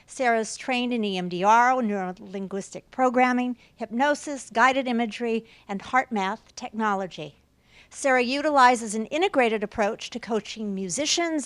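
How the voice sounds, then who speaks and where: A woman's voice: fairly high pitch, fairly bright tone, no room sound. A woman hosting a university talk, reading a prepared introduction of the guest speaker with a few restarts. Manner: reads aloud, with occasional restarts. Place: university lecture room.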